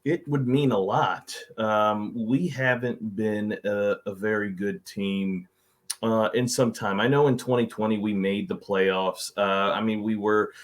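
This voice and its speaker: A man's voice: on the low side, fairly even intonation, measured pace. A man co-hosting a sports podcast, talking earnestly with lots of ums and uhs. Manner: earnest, with many fillers. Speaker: podcast co-host. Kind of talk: casual chat.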